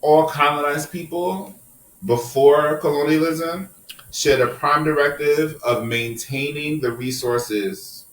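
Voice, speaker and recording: A man's voice: fairly high pitch, slow pace, reverberant, far from the mic, rough recording. A man hosting a podcast, holding forth in a passionate, profane rant during a casual group discussion. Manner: impassioned, profane, preachy rants. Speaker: podcast host.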